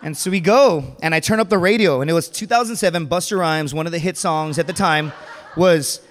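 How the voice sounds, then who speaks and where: A former Marine telling a casual, animated story at a live storytelling show, acting out the people in it. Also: male voice, on the high side, fast talker, in a large hall. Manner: animated, casual, acts out voices.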